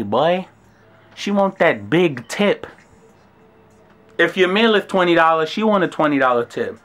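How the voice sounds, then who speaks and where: Animated New York man telling a story. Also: fairly high pitch. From Brooklyn, New York. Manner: animated, slangy and profane. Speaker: vlogger. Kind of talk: casual storytelling.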